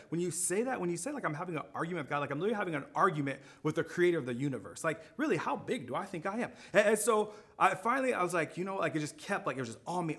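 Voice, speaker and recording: Storytelling male preacher, slightly high voice. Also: fairly bright tone. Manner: conversational storytelling with frequent restarts. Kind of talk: sermon with personal story.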